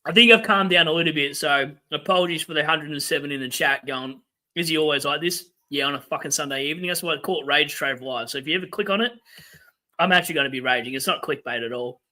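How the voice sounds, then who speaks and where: Ranting, foul-mouthed Australian livestream host. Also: male voice, fairly high pitch, sharp tone. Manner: ranting, profane, quick asides to chat. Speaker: fantasy football livestream host. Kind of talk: casual livestream chat. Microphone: webcam setup.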